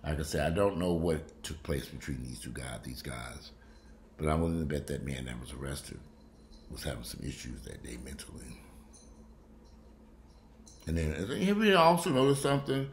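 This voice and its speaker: A man's voice: very deep voice, very animated, normal speed, long pauses, a little hiss or hum. A man vlogging from home in casual commentary, blunt and profane. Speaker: vlogger commenting on a news story.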